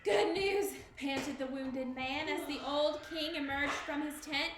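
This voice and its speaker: A woman reads a storybook aloud to children, clear and expressive. Her voice sits high, the classroom sounds roomy, and a faint hiss runs underneath. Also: unhurried.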